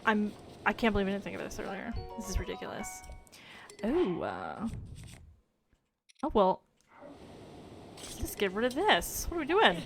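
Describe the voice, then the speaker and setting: A woman's voice: medium pitch, wildly swooping pitch, moderate pace, gravelly, long pauses, soft background music. A young woman streaming a video game, chatting casually to her viewers, laughing often and exclaiming when things go wrong. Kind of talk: casual gameplay commentary.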